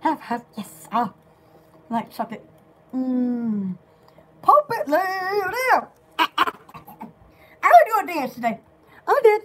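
A woman in casual, rambling chat, excitable and giggly, often restarting her sentences. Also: very high voice, slow, pauses often. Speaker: store vlogger.

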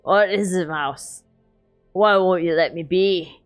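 A gruff male innkeeper slurs his words, low and heavy with drink, as a woman puts him on. He sounds bitter and worn out, dragging each line along slowly in a game reading. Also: faint music behind. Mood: surly. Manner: slow, slurred drunk voice.

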